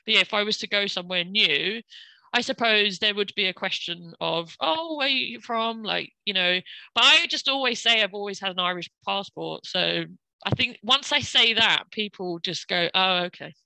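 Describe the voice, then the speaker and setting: A woman with an English accent, a guest chatting casually and warmly with many fillers. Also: mid-range voice, normal speed, creaky, no echo, poor audio. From England, London. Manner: chatty, frequent fillers and laughs. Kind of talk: casual conversation.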